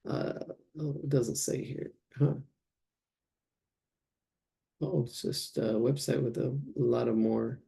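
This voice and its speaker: A man's voice: medium pitch, fairly even intonation, takes it slowly, creaky, pauses often, warm tone, slightly rough. A man teaching a live painting class, thinking aloud as he works and searching for words. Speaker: art instructor.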